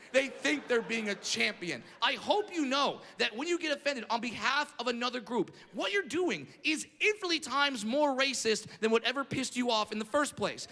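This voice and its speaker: A male stand-up comedian on stage, ranting brashly with profanity and bursts of shouting. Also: extremely high pitch. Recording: echoey hall, audience noise.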